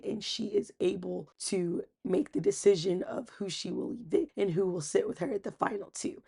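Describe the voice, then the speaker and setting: Casual recap host: a woman with a husky, breathy voice and some gravel, chatty. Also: medium pitch. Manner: chatty, acts out quotes with animated voices.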